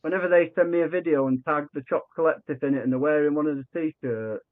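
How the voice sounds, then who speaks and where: Here a podcast guest with a fast voice on the high side for a man relates a story conversationally over a tinny, phone-like line. He's animated, doing the voices in the quoted dialogue and frequently starting over mid-sentence.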